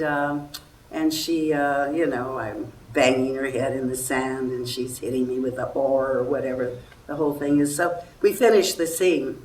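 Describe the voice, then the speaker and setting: An older actress telling stories at a festival talk, lively and acting out the people she quotes. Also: low voice. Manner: animated storytelling, acts out quoted voices. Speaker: guest actress. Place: festival hall before an audience. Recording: far-off roomy hall recording, faint noise.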